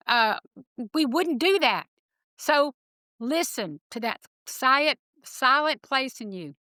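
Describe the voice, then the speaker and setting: High, bright Texan woman, sassy. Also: lively intonation, slow, dry recording, clean studio sound. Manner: sassy, preachy, folksy phrasing. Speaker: guest. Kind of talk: animated interview chat.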